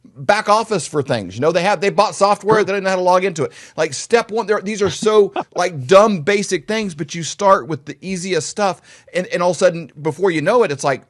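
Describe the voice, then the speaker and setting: A man who is a guest on a podcast, speaking in a relaxed, plain-spoken way. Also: high-pitched, brisk. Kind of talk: casual chat.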